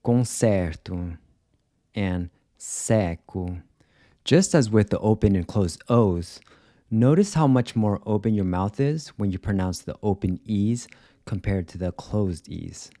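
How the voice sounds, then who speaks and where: A man teaching a pronunciation lesson, enunciating each example word carefully in a clear, deliberate voice-over. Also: lowish voice, warm tone, no room sound, clean studio sound. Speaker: language teacher.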